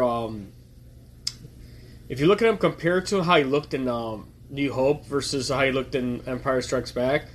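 A man's voice: medium pitch, slight background noise. A man giving casual, chatty commentary while watching a film, thinking aloud and chewing popcorn as he talks. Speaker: movie watch-along host. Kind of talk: casual live movie commentary.

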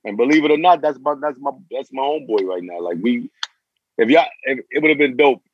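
A man's voice: mid-range voice, expressive, fairly quick, slightly rough, dry recording, lo-fi sound. A man in his forties telling his story as an interview guest, in profane street slang, often repeating himself. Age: 40s.

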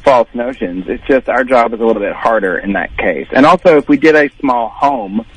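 A man talking in a casual podcast chat as co-host of a paranormal TV show, self-deprecating and quick to wave off praise. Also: medium pitch, big pitch swings, gravelly, husky, no echo, low-quality recording.

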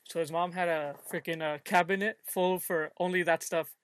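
A young man chatting on a podcast with friends, his voice pitched high and ringing bright. He tells stories with animated energy and slips into the voices of the people he quotes. The sound is close and dry. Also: moderate pace, clear, resonant tone, no room sound. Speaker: podcast co-host. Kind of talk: casual chat.

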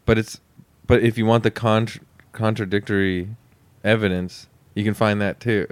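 A man's voice: fairly low pitch, fairly even intonation, moderate pace, clean tone, no echo. A man casually chatting as a podcast co-host, rambling, swearing and laughing often. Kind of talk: casual comedic chat.

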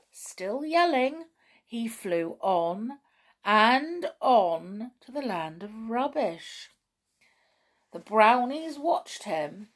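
A woman reading a children's story aloud in an animated way, with chatty asides. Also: medium pitch.

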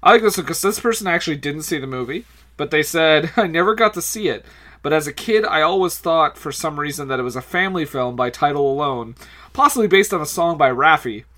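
A man's voice: fairly high pitch, animated, brisk, bright, forceful tone. A man co-hosting a movie podcast in casual chat, joking and laughing often. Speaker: podcast co-host.

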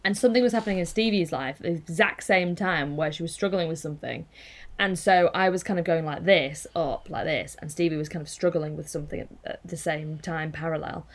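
A woman's voice: low-pitched, brisk. A woman talking as a podcast guest, earnest and reflective, who swears casually now and then. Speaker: guest activist.

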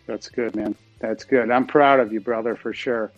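A man's voice: medium pitch, fairly even intonation, moderate pace, lo-fi sound, faint music behind. A man hosting an interview, encouraging and affirming toward his guest. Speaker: host. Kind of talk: interview talk.

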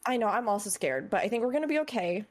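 A woman's voice: fairly high pitch, lively intonation, very fast, faint music behind. A woman co-hosting a podcast, chatting in an upbeat, emphatic way. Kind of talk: casual chat.

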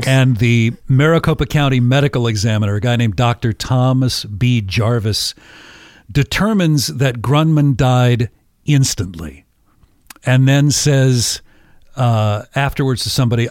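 A male podcast host telling a story casually, animated and often laughing. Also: medium pitch, unhurried, dry recording, clean studio sound.

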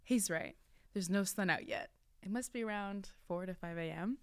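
A woman's voice: mid-range voice, normal speed, smooth, no room sound, clean studio sound. A young woman hosting a casual chat, reading fan fiction aloud in a teasing, giggly way.

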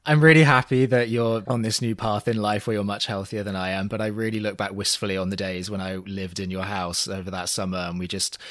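A man's voice: on the low side, flat delivery, a little fast, few pauses, fairly bright tone, dry recording, clean studio sound. A young man co-hosting a podcast in casual chat, camp and teasing, giggling often. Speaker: podcast co-host.

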